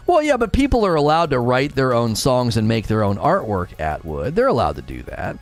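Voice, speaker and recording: A man's voice: medium pitch, wildly swooping pitch, soft background music. Chatty male game streamer. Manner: chatty, reads viewer comments aloud and answers them; sometimes talks very fast. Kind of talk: casual live-stream chat while gaming.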